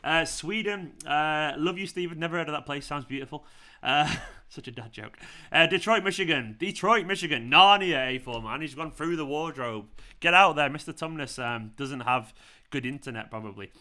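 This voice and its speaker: A man chatting casually while hosting a football watchalong live stream, excitable and quick to swear. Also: fairly high pitch.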